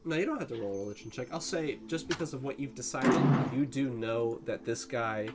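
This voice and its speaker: A man's voice: mid-range voice, a little fast, heavy background noise. A young man narrating a tabletop game as game master, laid-back and full of fillers and laughs. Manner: casual, laughing, filler-heavy.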